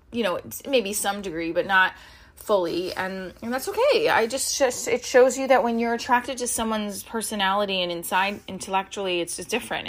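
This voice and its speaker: A young woman frankly recounting a painful relationship, heated and swearing, with many restarts. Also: mid-range voice. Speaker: vlogger telling about a relationship. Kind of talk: emotional personal storytelling.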